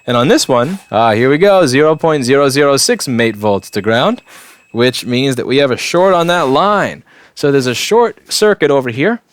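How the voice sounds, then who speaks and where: A man's voice: medium pitch, animated, normal speed, smooth, dry recording. A man hosting a live repair stream with joking asides while he works, his throat a little sore. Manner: wisecracking, offhand asides while working. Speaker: electronics repair technician and host. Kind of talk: live repair walkthrough with chat replies.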